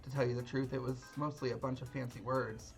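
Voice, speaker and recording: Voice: mid-range voice, little pitch movement, brisk, vocal fry, soft background music, natural voice. A woman reading the lines of a cheerful hard-of-hearing young female dancer in a folksy, chatty way.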